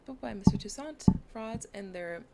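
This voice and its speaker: A woman's voice: mid-range voice, expressive, normal speed, creaky, heavy background noise. A woman giving casual commentary while playing a video game, chatty and reading item text aloud. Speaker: gamer. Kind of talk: casual let's-play commentary.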